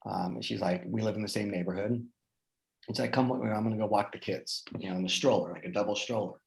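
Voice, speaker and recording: A man talking casually as a guest, telling personal stories in an animated way and often checking in with "right?". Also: on the low side, fast, gravelly, slight background noise, rough recording. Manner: animated, lots of restarts and "right?" tags. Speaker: guest speaker. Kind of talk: casual conversational storytelling.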